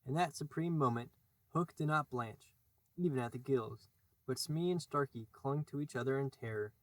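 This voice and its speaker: A man narrating a classic children's novel as an audiobook, in a measured storytelling manner. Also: mid-range voice, no room sound. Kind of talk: scripted narration.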